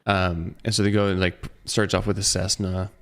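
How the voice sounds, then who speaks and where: A man's voice: deep voice, little pitch movement, moderate pace. A man co-hosting a casual podcast, telling a long, rambling story and acting out the voices of the people in it. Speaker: podcast co-host. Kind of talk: casual chat among friends.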